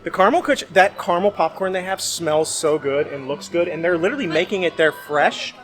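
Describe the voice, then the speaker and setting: A man's voice: on the high side, fairly quick, fairly bright tone, soft background music. A man hosting a casual theme park food vlog, chatty and laughing often as he talks. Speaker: vlog host. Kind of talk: casual food review chat.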